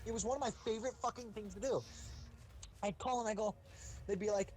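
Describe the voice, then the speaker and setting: A man's voice: high-pitched, quick pace, long pauses, rough recording. A young man casually telling profane, rambling stories while playing a game, acting out the people in them. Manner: rambling, profane, animated, does silly voices in stories. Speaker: gaming streamer. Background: game music.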